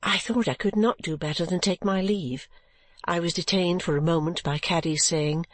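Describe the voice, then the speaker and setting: A woman's voice: lowish voice, moderate pace, no room sound. Woman narrating a classic novel. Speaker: audiobook narrator. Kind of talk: scripted narration.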